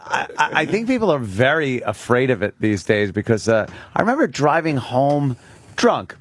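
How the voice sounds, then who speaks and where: A man on a talk radio show chatting casually, halting and reminiscing as he goes. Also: mid-range voice, sing-song, dry recording. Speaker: radio host.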